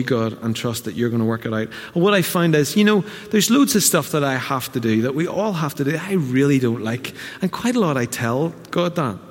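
A man preaching a conversational sermon, often slipping into quick quoted asides. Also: mid-range voice, in a large hall. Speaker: pastor.

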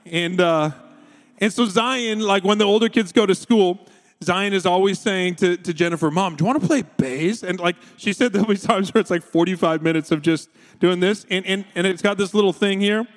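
Pastor, man, 30s, bright high register, animated sermon storyteller, long hall reverb. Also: moderate pace. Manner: storytelling, animated, quoting his kids with raised pitch.

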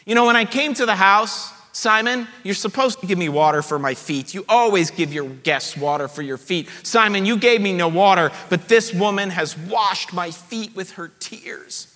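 A man voicing a calm, gentle teacher who speaks slowly, softly and in a measured way. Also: sits high, big-room sound. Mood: gently chiding. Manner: slow, soft and measured.

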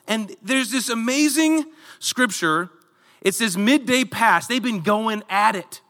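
Male pastor, sermon delivery, animated storyteller, bright tone, church hall reverb. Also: very high-pitched, measured pace. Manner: animated storytelling, acts out voices.

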